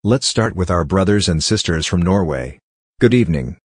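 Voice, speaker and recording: A man hosting a results show, announcing in a measured, formal scripted way. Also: deep voice, expressive, slightly rough. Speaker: show host.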